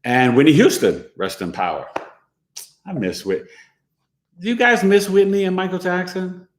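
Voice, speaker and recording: A man's voice: sits high, animated, normal speed, roomy sound. A man hosting a podcast as an astrologer, talking loosely and conversationally with lots of fillers and asides. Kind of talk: casual monologue.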